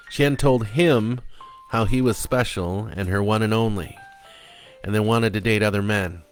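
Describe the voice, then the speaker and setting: A man reading his own dark prose and poetry aloud in a blunt, confessional manner. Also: lowish voice.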